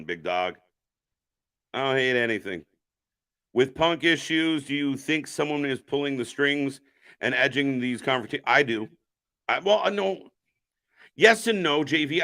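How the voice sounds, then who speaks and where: Bright-voiced man cursing through live commentary. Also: medium pitch, lively intonation, moderate pace. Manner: profane, rambling, jokey, chats with viewers. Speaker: live stream host reacting to wrestling. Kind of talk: casual live commentary reading chat.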